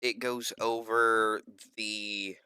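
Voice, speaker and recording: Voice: mid-range voice, level tone, drawn-out words, sharp tone, clear, resonant tone, no echo. A game master narrating a tabletop role-play scene, rambling with lots of fillers and self-corrections.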